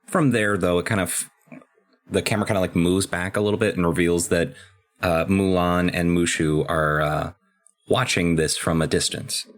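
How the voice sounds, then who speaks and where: A man's voice: sits low, steady tone, normal speed. A man co-hosting a podcast, talking casually about a game, with hesitant restarts. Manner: chatty, hesitant with fillers and restarts. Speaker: podcast co-host. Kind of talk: casual chat recapping a game.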